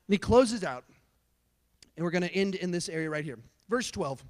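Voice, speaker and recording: A youth pastor giving a sermon in a casual, chatty way, filled with "like". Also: male voice, sits high, lively intonation, brisk, darkish tone. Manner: casual, chatty preaching with lots of "like". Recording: long hall reverb.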